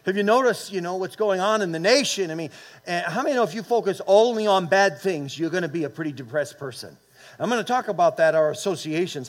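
A man's voice: high-pitched, a bit bright. A man in his late fifties or older preaching a sermon, telling a personal story and calling on the congregation to respond. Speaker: pastor.

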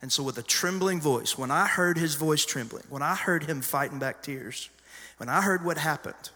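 A middle-aged pastor preaching a sermon, telling stories conversationally with sudden loud emphasis. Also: male voice, fairly high pitch, normal speed. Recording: long hall reverb.

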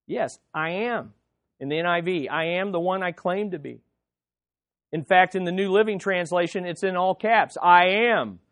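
A man's voice: high-pitched, moderate pace, dry recording, studio quality. A man preaching a sermon as pastor, emphatic, repeating key phrases and leading the congregation to say them back.

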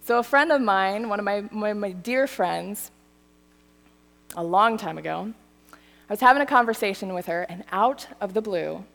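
A woman in her thirties giving a sermon, telling a story with lively, animated delivery. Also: mid-range voice, moderate pace, gravelly. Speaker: church speaker. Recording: hall reverb.

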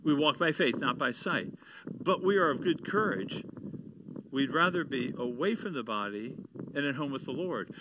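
A man's voice: a little high, background noise. A man preaching a sermon, reading scripture and building to taunting, emphatic peaks. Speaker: pastor.

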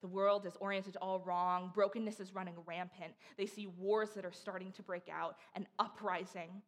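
Young woman preaching casually, chatty and animated, acts out voices in her stories. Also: medium pitch, moderate pace. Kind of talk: casual sermon.

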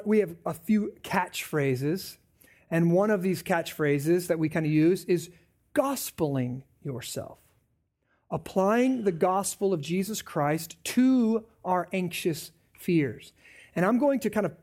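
Pastor, man, high voice, animated conversational preaching with acted-out asides. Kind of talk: sermon.

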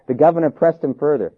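A man's voice: a little high, breathy edge. A man teaching a church history class, reading old accounts aloud and acting out the dialogue in them. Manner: animated, reads quotes aloud and acts out dialogue. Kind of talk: classroom lecture. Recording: tinny phone-like lecture recording.

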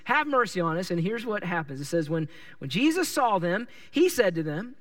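A male pastor preaching a sermon, telling a story with lively, animated delivery and acting out the people in it. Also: high-pitched, distant mic. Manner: animated storytelling, acts out characters and yells their lines.

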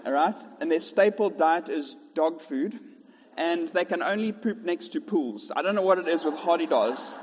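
A man's voice: fairly high pitch, animated, normal speed, a little mellow, in a large hall, a little hiss or hum. A man preaching a sermon in a rhythmic style, with repeated contrasts and jokey asides. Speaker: pastor. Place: church.

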